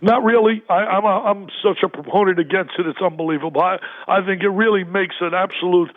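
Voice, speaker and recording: A man's voice: sits high, brisk. An older man, a basketball analyst phoning in as a guest, talking emphatically and repeating himself with energy. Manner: emphatic, repetitive, energetic storyteller. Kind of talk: phone-in radio interview. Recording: tinny phone line.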